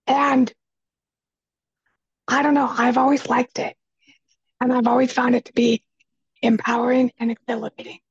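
Earnest raspy woman guest, very husky, dry close recording, lo-fi. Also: on the high side, little pitch movement, moderate pace, long pauses, dry recording. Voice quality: raspy, quiet voice. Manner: earnest and emphatic, repeats key phrases. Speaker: podcast guest, speaker and kitchen coach. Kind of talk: casual conversation.

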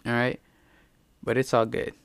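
A man's voice: mid-range voice, completely flat delivery, a little slow, gravelly, clear, resonant tone, no echo. A man hosting a show, telling a rambling, profane story in a casual, slangy way.

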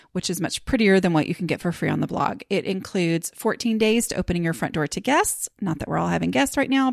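A woman's voice: medium pitch, gravelly, dry recording, clean studio sound. A woman hosting a podcast, chatting casually and rambling with lots of fillers and restarts. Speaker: podcast host.

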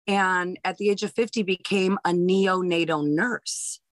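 A stand-up comedian from Hawaii, a woman in her fifties, tells family stories in a casual interview, animated and restarting often. Her voice is on the low side and unhurried, and the recording is dry and low in quality.

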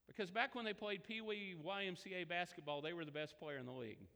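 Bright-voiced man preaching a sermon. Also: fast, hardly any pauses, big-room sound. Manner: conversational storytelling, animated pitch swings. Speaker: pastor.

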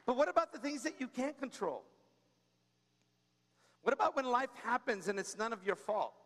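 A man delivering a sermon in a high, light voice, talking to the congregation like a friend and telling stories with humor. He keeps prompting the room with quick asides. His voice trails off into a long reverb from a large church space. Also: lively intonation, a bit bright. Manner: conversational preaching, frequent "come on" and "right?"; tells personal stories with humor. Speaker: pastor.

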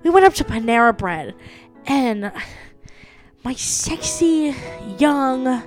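A woman putting on a smarmy middle-aged male pastor who preaches theatrically, with booming, swelling emphasis. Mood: boastful. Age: 40s. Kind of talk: comedic impression of a sermon.

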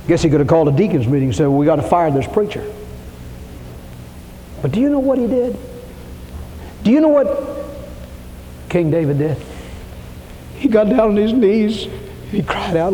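A man preaching a sermon, telling a story and building to impassioned calls, sometimes dropping to a hush. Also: fairly high pitch, expressive, moderate pace, pauses often. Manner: storytelling, rising to impassioned preaching with shouts and hushed whispers. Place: church sanctuary. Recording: reverberant hall, faint room noise.

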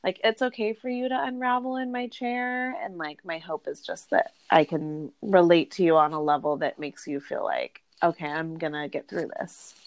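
A woman's voice: on the low side, moderate pace, hardly any pauses, dry recording. A young woman hairstylist as a podcast guest, chatty and earnest, full of "like" and "you know". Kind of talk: casual podcast interview.

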